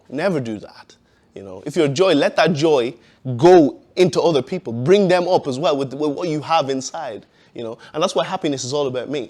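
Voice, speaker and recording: A man's voice: a little high, darkish tone. A man giving a personal testimony in a casual, conversational way, with many "you know"s and frequent laughs.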